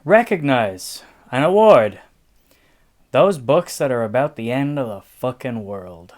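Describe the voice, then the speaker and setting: Slow-talking joking male co-host. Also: mid-range voice, expressive, darkish tone. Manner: jokey, swears, unhurried. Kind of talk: casual chat.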